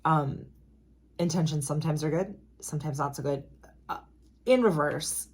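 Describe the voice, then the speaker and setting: A woman giving a casual tarot reading, talking in a chatty, emphatic way with asides and quick apologies. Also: deep voice, a little mellow, husky. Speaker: tarot reader.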